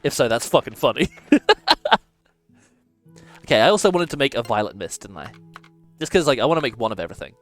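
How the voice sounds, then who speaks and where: Lively, playful man streaming a game. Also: medium pitch, very fast, soft background music. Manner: playful, swears freely, muses aloud while playing. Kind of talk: casual gameplay commentary.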